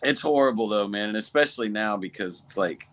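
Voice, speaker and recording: Co-host, man, lowish voice, easygoing relaxed conversational telling. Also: a little fast. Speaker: podcast co-host. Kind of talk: casual chat.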